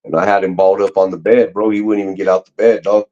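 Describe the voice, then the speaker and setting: Low-voiced man on dull lo-fi audio. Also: level tone, quick pace, mellow. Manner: slangy, rambling, frequent restarts. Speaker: guest. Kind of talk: casual storytelling chat.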